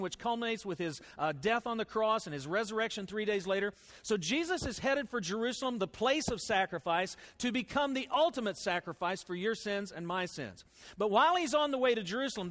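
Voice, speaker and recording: A man preaching a sermon as pastor, folksy and animated, swinging between loud bursts and soft asides. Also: sits high. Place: church sanctuary with congregation. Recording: long hall reverb.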